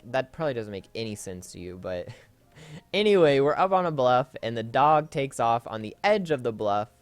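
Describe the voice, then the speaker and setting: A man's voice: mid-range voice, big pitch swings, normal speed, clean tone, no echo. A man hosting a Let's Play, rambling through a casual story with lots of fillers and self-corrections while he plays.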